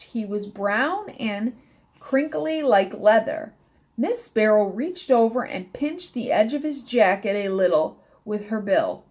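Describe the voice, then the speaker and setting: Slow, lively woman reading a storybook. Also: a little high. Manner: slow, careful, stumbles and rereads words. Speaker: storybook reader. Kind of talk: reading a children's book aloud.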